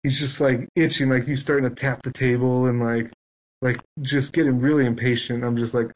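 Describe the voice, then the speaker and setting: A man's voice: medium pitch, flat delivery, brisk, rough recording. Give me a man in casual podcast chat who animatedly acts out a story. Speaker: guest.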